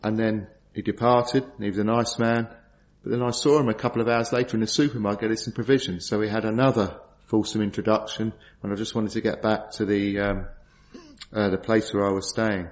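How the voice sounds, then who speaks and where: A man's voice: fairly low pitch, fairly even intonation, fairly quick. A middle-aged man preaching a sermon, earnest and storytelling, asking rhetorical questions. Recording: dull lo-fi sound.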